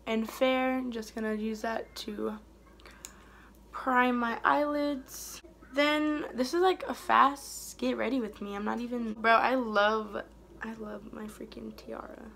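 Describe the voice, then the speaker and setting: Slow-talking young woman with a gravelly voice. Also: a little high, steady tone, slight background noise. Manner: chatty, rambling, trails off softly mid-thought. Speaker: beauty vlogger. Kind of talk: casual get-ready-with-me chat.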